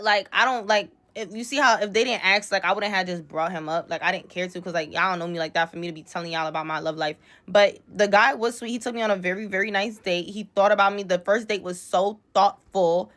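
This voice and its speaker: A young woman around twenty recounts a story straight to the camera in loose, casual speech. She is animated and indignant and swears freely as she goes. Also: medium pitch, fast talker. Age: about 20.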